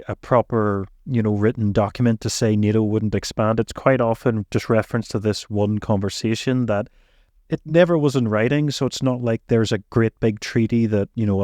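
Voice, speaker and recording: A man's voice: lowish voice, normal speed, darkish tone, no room sound, clean studio sound. A man co-hosting a podcast in casual political chat, asking easygoing questions. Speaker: podcast co-host.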